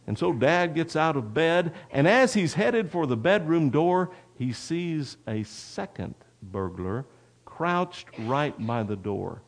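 A man's voice: a little high, very animated, a little slow. A man preaching a sermon, folksy and talking straight to the congregation, with a personal story. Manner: folksy, addresses the congregation directly. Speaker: pastor.

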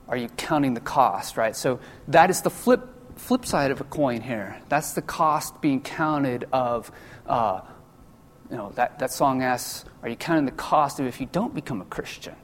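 A man delivers a chatty, informal sermon from a church sanctuary, breaking into playful asides and briefly acting out the people he quotes. His voice sits at an ordinary middle pitch and trails off into a long hall reverb. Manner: casual, jokey asides, acts out quoted voices. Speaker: preacher. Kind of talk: conversational sermon.

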